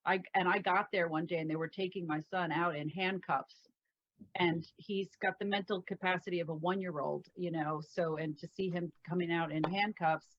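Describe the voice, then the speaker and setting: A woman hosting an interview, animated and quick to agree, telling stories from her own life as a mother. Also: on the low side. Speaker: interview host. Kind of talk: casual interview chat. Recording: dull lo-fi audio.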